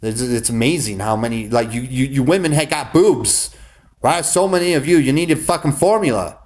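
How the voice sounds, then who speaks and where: A man's voice: mid-range voice, moderate pace, a little mellow. Rambling, profane man talking to camera. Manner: profane, many restarts and fillers. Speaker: vlogger.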